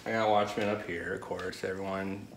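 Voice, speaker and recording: A man's voice: deep voice, level tone, normal speed. A man as guest in a casual chat, talking in a loose, rambling way. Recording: echoey room with faint noise.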